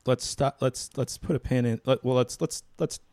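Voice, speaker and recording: A podcast co-host with a medium-pitched, steady, slightly mellow voice talks at a moderate pace in a studio-quality recording with no room sound. He's laid-back in casual chat, sometimes arguing his points in a mock-formal way.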